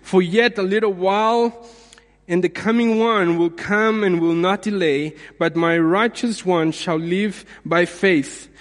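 A man preaching a sermon in a measured way, repeating phrases for emphasis. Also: high-pitched, long reverb tail. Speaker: pastor.

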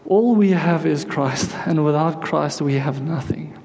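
A male pastor, emotional and near tears, preaching and praying with halting, repeated words. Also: a little high, darkish tone, in a large hall, a little hiss or hum. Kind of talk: sermon with prayer and scripture reading. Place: church sanctuary.

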